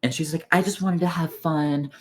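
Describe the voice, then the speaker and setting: A man's voice: fairly high pitch, moderate pace. Young guy on voice chat, chatty retelling, lots of "like", acts out quotes. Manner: animated retelling, full of "like" and quoted dialogue. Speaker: player in an online strategy game. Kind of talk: casual voice chat storytelling. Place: online voice chat.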